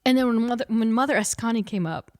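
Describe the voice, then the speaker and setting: A woman co-hosting a podcast in casual chat, animated and laughing often, bursting into loud acted-out quotes. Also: a little high, fast, dry recording, clean studio sound. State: short on sleep. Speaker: podcast co-host.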